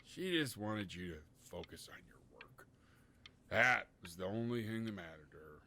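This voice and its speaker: An actor playing a gentle widowed father, speaking softly and tenderly in a video game. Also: lowish voice, lively intonation, normal speed, slight background noise. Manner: soft, subdued, tender delivery.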